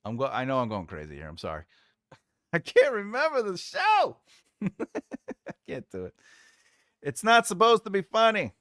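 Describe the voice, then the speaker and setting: A man hosting a relaxed livestream, reading viewer comments aloud and drifting into tangents. His voice swoops widely in pitch while he talks at an unhurried pace. The sound is close and dry. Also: no room sound. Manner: rambling, trails off searching for names, laughs often. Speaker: writing livestream host.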